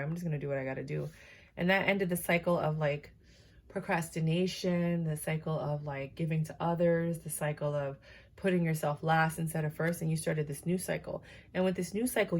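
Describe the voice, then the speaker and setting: A woman's voice: fairly low pitch, darkish tone. A woman giving a casual, chatty tarot reading to her viewers, tired and yawning, with many fillers and asides. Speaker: tarot reader.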